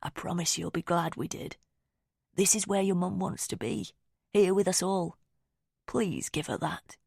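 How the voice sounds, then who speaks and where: A woman narrating an audiobook voices a father who comforts his daughter in a soft, half-whispered, soothing way. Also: lowish voice, a little slow, vocal fry, slightly rough, no echo, clean studio sound, full character voice. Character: gentle, struggling father.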